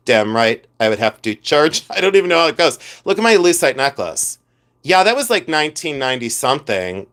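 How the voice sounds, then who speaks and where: A man vlogging in a chatty, campy way, with animated asides. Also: fairly high pitch, normal speed. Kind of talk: casual chat.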